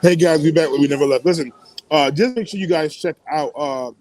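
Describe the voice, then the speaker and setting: A man hosting a casual morning radio show, telling stories in an animated way with frequent laughs. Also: fairly high pitch, brisk, rough recording. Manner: animated storytelling, laughs and whoops often.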